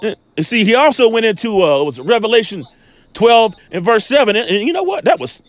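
A man teaches scripture in an informal, emphatic way, stopping his reading again and again to check that listeners follow. His voice sits high and swings widely in pitch. The sound is dry, with no room echo. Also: sing-song, a little fast. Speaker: Bible teacher.

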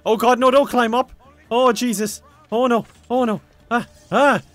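A man's voice: extremely high pitch, steady tone, a little slow, a bit bright. A young man giving chaotic, mischievous gameplay commentary. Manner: chaotic, mischievous, frequent laughter. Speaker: gaming YouTuber.

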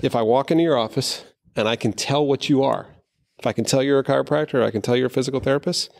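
A man's voice: medium pitch, fast, creaky. A man telling stories in a casual interview, acting out the people he quotes. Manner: animated storyteller acting out quotes. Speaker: guest, golf fitness founder.

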